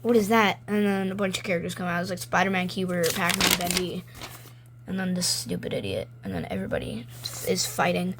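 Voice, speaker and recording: With background noise behind her lowish voice, a young vlogger sits at home with the lights down, showing and describing the comics she made. She's chatty and rambling, reading them out with quick silly voices.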